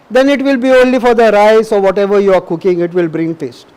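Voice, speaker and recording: High-voiced emphatic preacher man. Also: moderate pace, darkish tone, clean tone, rough recording. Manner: emphatic, repetitive, asks the audience questions. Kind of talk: sermon.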